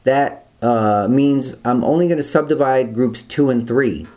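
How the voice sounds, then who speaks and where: A man teaching guitar rhythms, explaining step by step in a relaxed way and counting beats aloud. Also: medium pitch, unhurried. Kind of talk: instructional talk with counting.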